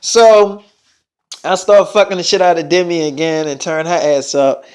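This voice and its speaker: Man, high voice, rambling profane storyteller. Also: steady tone, normal speed, a little mellow, clear, resonant tone. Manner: profane, rambling, full of restarts and fillers. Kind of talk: improvised first-person storytime.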